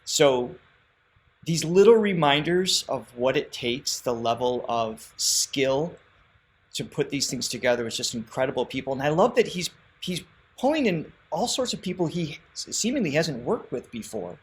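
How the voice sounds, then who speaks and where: A man's voice: a little high, animated, normal speed. A man hosting a reaction show from a remote spot, talking enthusiastically and explaining vocal technique with frequent restarts. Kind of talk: casual reaction commentary. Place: remote, away from his usual setup.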